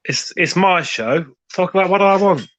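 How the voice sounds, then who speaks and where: A man hosts a casual debate podcast, sparring cheekily with his guests. His voice sits a bit high and he argues his corner stubbornly. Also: expressive, moderate pace, fairly bright tone, muffled recording. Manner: cheeky, argumentative. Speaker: host.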